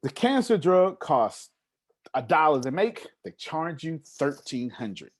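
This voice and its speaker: A man speaks at a live seminar with a lively, swinging pitch. He hammers points home by repeating words and keeps asking his small audience whether they follow. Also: slow pace. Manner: emphatic, preacher-like repetition and questions to the audience. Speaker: motivational speaker.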